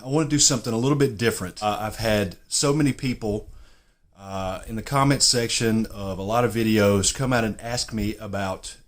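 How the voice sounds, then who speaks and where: A man's voice: fairly low pitch, normal speed. A man with a Southern US drawl hosting his own golf channel, explaining himself in a rambling, self-deprecating way. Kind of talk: casual explainer monologue.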